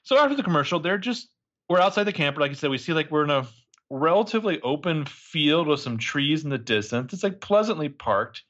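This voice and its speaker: A man's voice: fairly quick, highs cut off. A man co-hosting a casual podcast chat, recapping a TV episode and acting out the characters' lines. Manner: animated, acts out characters' lines with big pitch jumps.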